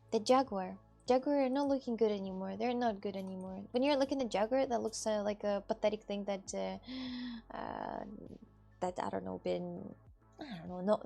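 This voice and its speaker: A woman's voice: mid-range voice, gravelly, a little mellow. A woman livestreaming, chatting casually and answering viewer messages in a teasing way. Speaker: livestreamer reading chat. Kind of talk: casual live-stream chat.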